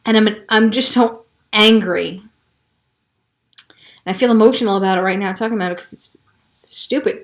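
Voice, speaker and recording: A woman hosting a podcast, telling a personal story in a frank, profane way, moving from hushed recounting to heated frustration. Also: medium pitch, moderate pace, long pauses. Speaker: podcast host.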